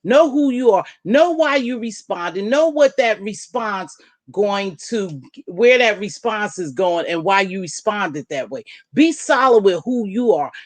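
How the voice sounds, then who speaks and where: A woman's voice: mid-range voice, lively intonation, a little slow, no echo. A woman host talking casually to her viewers, emphatic and direct, repeating her points for stress. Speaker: video host answering viewer comments. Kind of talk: casual livestream talk.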